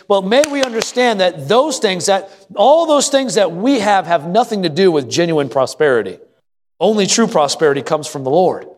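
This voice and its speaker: A middle-aged man preaching a sermon as pastor, telling folksy family stories and asking the congregation questions. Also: a little high. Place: church sanctuary. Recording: long hall reverb.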